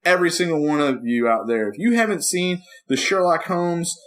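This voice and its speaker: Lively, animated man telling stories. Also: on the high side, fairly quick. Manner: animated storyteller, acts out talking to his dog. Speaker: podcast co-host. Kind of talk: casual chat.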